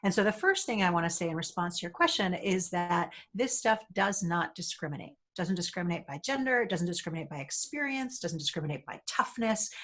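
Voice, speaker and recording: A New woman speaking as a guest, telling a story in an animated way and acting out the people she quotes. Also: fairly low pitch. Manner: animated, acts out quoted voices. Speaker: guest speaker, leadership facilitator. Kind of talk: storytelling conversation.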